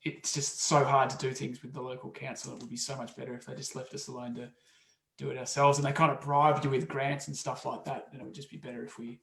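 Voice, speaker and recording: A man speaks as a podcast guest, plain-spoken and emphatic. His voice has a gravelly, fry-edged texture. The sound carries the echo of a roomy space. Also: medium pitch, flat delivery, fast talker, fairly bright tone. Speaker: guest researcher. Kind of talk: casual conversational interview. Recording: echoey room.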